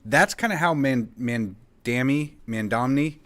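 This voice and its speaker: A man's voice: mid-range voice, a little slow, a bit bright. A man co-hosting a casual podcast, talking steadily and firmly about his views, with short laughs. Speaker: podcast co-host. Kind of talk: casual political podcast chat.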